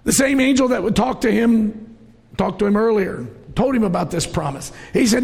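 Middle-aged male preacher, high gravelly voice, emotional storyteller, big reverberant church hall. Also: lively intonation, moderate pace. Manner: storytelling, emotional, rising to shouts. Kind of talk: sermon.

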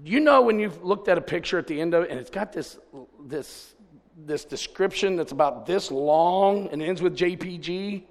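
A man preaching a sermon to a congregation, telling folksy stories and swinging from loud exclamations to quiet asides. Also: sits high, lively intonation, moderate pace, big-room sound. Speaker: pastor. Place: church service.

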